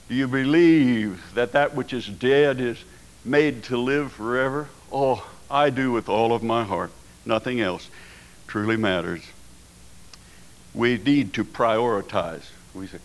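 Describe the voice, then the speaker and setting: A man preaches a sermon in a folksy, conversational way. His voice sits at a middle pitch and climbs to emphatic peaks as he builds his points. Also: poor audio. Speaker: pastor.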